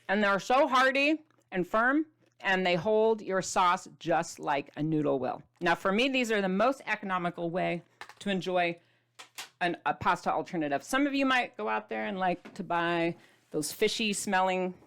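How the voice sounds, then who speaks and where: Middle-aged lady vlogging about food, chatty and playful, kinda theatrical, normal pitch. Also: a bit bright. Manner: chatty and playful, with dramatic whispers and squeals. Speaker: keto diet author and host. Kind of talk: casual food vlog, showing items to camera.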